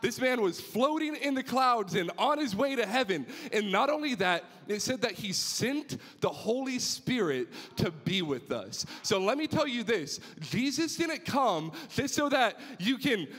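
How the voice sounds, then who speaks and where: A young man gives a youth sermon in a high, eager voice. He tells a personal story with rising excitement, often restarting his sentences. His voice carries a long reverb from a large hall. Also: a little slow, hardly any pauses. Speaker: youth pastor.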